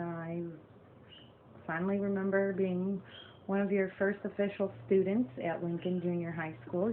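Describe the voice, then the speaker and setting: A young woman, a former student who is now a teacher herself, gives a sincere and somewhat halting thank-you message. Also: mid-range voice. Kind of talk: recorded video tribute. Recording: tinny, noisy phone recording.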